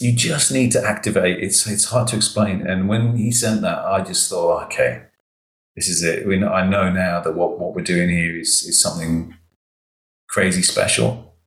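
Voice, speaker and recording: A man, an education consultant telling stories in a podcast interview, animated and acting out the dialogue. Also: low voice, roomy sound, rough recording. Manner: animated, emotional storytelling, acts out quoted dialogue.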